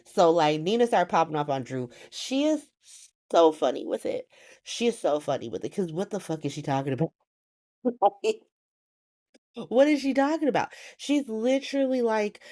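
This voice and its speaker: A woman recapping a soap opera in a casual, profane, animated way, swearing often and laughing as she goes. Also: medium pitch, moderate pace.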